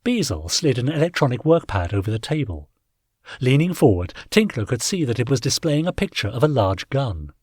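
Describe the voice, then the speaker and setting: Husky-voiced male audiobook narrator. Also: mid-range voice, sing-song, a little fast, darkish tone, no echo, clean studio sound. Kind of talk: scripted narration.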